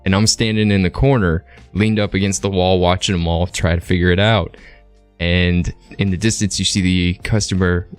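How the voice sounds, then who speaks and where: Low-voiced guy streaming, rambling story with lots of ums and right?s, dry mic. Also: fairly even intonation, moderate pace, smooth, no echo, faint music behind. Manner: rambling, lots of fillers and tag questions. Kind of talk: casual storytelling.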